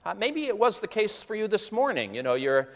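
Guy preaching a sermon, kinda high voice, chatty asides, big church echo. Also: fairly quick. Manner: conversational, animated storytelling with asides. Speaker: pastor. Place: church sanctuary. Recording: long reverb of a church hall.

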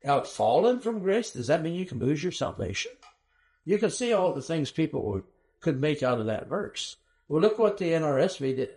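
A man giving a conversational teaching sermon on Bible translations, animated and acting out quotes with sarcastic flair. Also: on the high side, moderate pace.

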